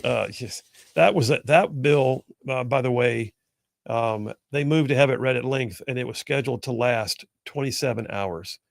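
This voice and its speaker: Guy hosting talk radio, gravelly voice, dry close mic, folksy and jokey. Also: medium pitch, moderate pace, no room sound. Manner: folksy storyteller, jokey asides. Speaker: radio talk show host. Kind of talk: casual call-in talk radio chat.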